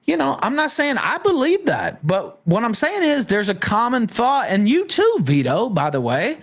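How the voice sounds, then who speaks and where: Man, aggrieved podcast rant, profane, pitch swinging widely. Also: wildly swooping pitch, moderate pace. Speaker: podcast guest. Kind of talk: heated podcast argument.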